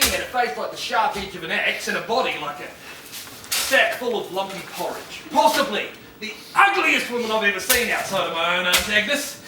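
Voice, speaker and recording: An actor playing a cheeky young New private who tells tall stories and makes sardonic jokes on stage. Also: male voice, high-pitched. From New Zealand. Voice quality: wisecracking, sardonic. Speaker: soldier character. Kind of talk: stage play acting. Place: theatre stage. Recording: roomy distant stage recording, noisy.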